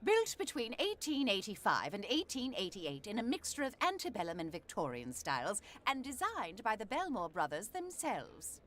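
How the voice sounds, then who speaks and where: A haughty manor housekeeper. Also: female voice, mid-range voice, wildly swooping pitch, moderate pace, few pauses, a bit bright, a little hiss or hum. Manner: formal, haughty, precise. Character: prim, proud female housekeeper of a manor. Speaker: game character.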